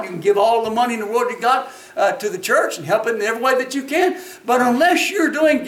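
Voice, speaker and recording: A man preaching a sermon in a folksy, emphatic way. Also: high-pitched. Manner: folksy, emphatic, rises to shouts when acting out voices. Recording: echoey hall, voice from a distance.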